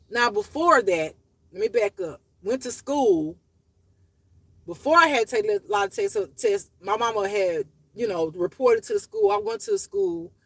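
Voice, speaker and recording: A woman's voice: medium pitch, no room sound, rough recording. A woman talking casually about her own life in a raw, profane, emotional and rambling way. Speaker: spiritual life teacher. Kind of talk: casual personal storytelling.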